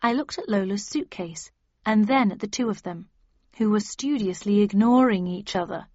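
A woman's voice: mid-range voice, normal speed, a little mellow, no echo, muffled recording. A woman narrating a novel, shifting her voice for each character. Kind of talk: audiobook narration.

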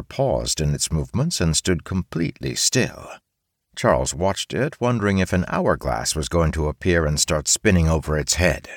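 A man narrating an audiobook in an expressive storytelling manner, recorded close on a studio mic. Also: deep voice, moderate pace, no room sound. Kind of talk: scripted narration.

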